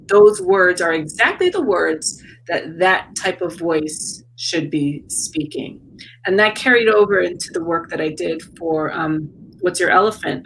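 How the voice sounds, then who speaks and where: A woman who is an artist and educator, talking as an interview guest in a reflective, searching way with many pauses and repeats. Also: lowish voice, creaky, a little hiss or hum, low-quality recording. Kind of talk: casual interview talk. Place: South Florida.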